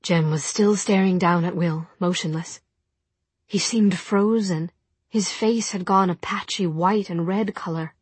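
A woman narrating an audiobook in a soft, measured storytelling manner. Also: fairly low pitch, slightly rough, no room sound. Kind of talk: audiobook reading.

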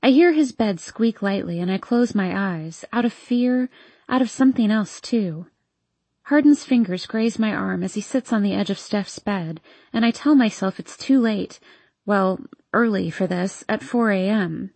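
A woman narrates a first-person romance story in a soft, intimate way. Her voice is mellow and a little husky, with a dry, close sound. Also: medium pitch, moderate pace, dry recording. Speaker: audiobook narrator.

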